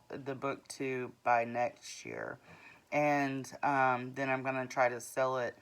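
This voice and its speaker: A woman's voice: rumbling low, clear, resonant tone. A woman in her forties, an author giving a rambling, earnest vlog update about her books, full of ums and restarts. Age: 40s. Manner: earnest, plain-spoken.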